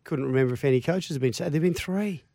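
An Australian man co-hosting a sports radio show, chatting in a relaxed way and reading out listener texts. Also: fairly high pitch, creaky, no echo, clean studio sound. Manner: relaxed, quick interjections, reads listener texts. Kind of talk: casual sports radio chat. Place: radio studio. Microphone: studio microphone.

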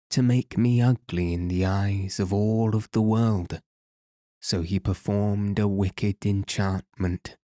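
A man voicing a gloomy enchanted man in a storybook, with a hollow, sad, wailing manner and a low voice. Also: warm tone, dry recording, studio quality.

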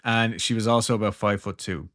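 Guy on a podcast, lowish voice, joking and laid-back while he reads out a story. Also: steady tone, a little fast, a bit bright. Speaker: podcast co-host. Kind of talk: casual storytelling chat.

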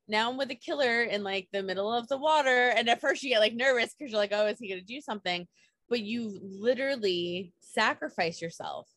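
A woman's voice: mid-range voice, a bit bright, no room sound, clean studio sound. A woman hosting a podcast, gushing with effusive praise as she sets up a long question. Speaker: podcast host. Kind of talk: casual interview chat.

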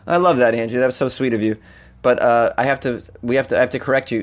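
A man with an American accent hosting a comedy podcast, ranting in an animated, jokey way with casual swearing. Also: medium pitch, fairly quick, pauses often.

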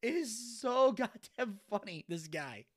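This podcast co-host has a high-pitched voice and keeps a measured pace. Chatting casually, he brings a funny video to life by performing the voices, laughing frequently along the way.

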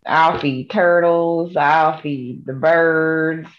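A woman's voice: deep voice, fairly even intonation, extremely slow, background noise. Playful woman on a muffled lo-fi mic. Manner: playful, laughs easily. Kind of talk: casual chat. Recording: dull lo-fi sound.

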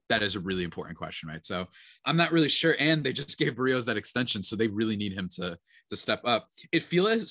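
A lively male podcast co-host with a bright, forceful voice that sits a little low. He talks in an excitable, animated way and laughs easily. The sound is dry and close. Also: no echo. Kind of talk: casual sports podcast chat.

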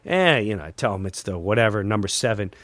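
Animated man telling a story. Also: fairly low pitch, quick pace, no echo, studio quality. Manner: animated anecdote teller, acts out quoted people. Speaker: podcast host. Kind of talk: casual storytelling.

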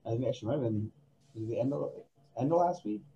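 A man's voice: mid-range voice, lively intonation, fast talker, warm tone, highs cut off. A man co-hosting a podcast in casual chat, rambling with many fillers and restarts, his voice crackly from lack of coffee. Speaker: podcast co-host.

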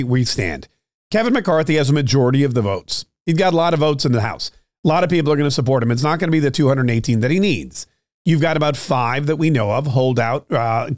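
A man hosting a solo political commentary show, talking straight to his listeners with many fillers and restarts, his throat a little rough. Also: fairly high pitch, dry recording, studio quality. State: clearing his throat, slightly choked up. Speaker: political podcast host.

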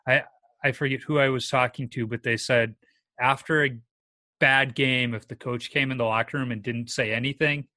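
Bright-voiced man hosting a casual chat. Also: mid-range voice, steady tone, moderate pace. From Minnesota. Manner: easygoing, asks questions, shares stories. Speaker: podcast host interviewing a guest.

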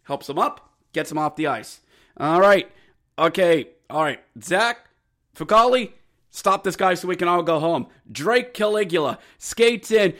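A man hosting a hockey podcast, recapping games play-by-play, joking and bursting into shouted goal calls. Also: sits high, lively intonation, measured pace. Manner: erupts into shouted goal calls, jokey asides. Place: jockey wagon.

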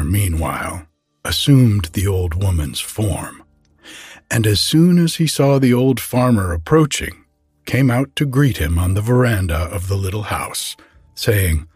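A man with a husky voice reading a folk tale aloud in a measured, unhurried storybook style. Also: on the low side, big pitch swings, no room sound, soft background music.

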